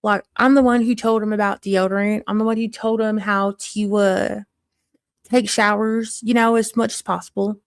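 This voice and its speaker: A woman's voice: medium pitch, level tone, moderate pace, smooth, no room sound, natural voice. A woman playing a crass small-town mother of three in a put-on Southern country accent, telling a blunt, gossipy story in a live-streamed character monologue.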